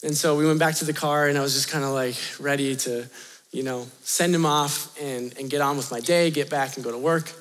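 A man with a high voice tells a story in a youth sermon, animated and chatty, laughing often as he talks straight to the students. His voice carries a long reverb from a large hall. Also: brisk. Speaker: youth pastor.

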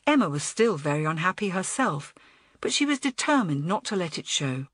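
A woman narrating a children's audiobook in an expressive, lively way. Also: lowish voice, moderate pace, slightly rough, no room sound. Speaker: audiobook reader. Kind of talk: storybook narration.

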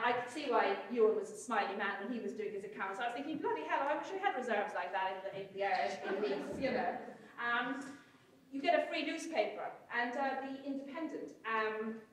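Woman keynote speaker, high and bright, wry and irreverent, heard from a distance in a booming hotel hall. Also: slight background noise. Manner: lively, irreverent, wry asides. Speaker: keynote speaker, chief executive. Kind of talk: conference keynote talk. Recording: echoey hall, mic from far off.

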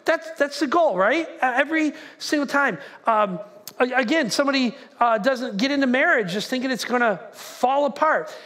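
A man pastor preaching a conversational, animated sermon in a church. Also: extremely high pitch, normal speed. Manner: conversational, animated, shouts acted-out quotes. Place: church sanctuary.

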